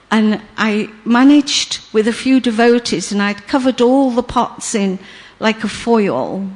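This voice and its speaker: Slow, halting older woman telling a story. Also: medium pitch. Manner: unhurried, halting storytelling with many pauses and fillers. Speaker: storyteller sharing memories. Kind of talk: casual spoken recollection.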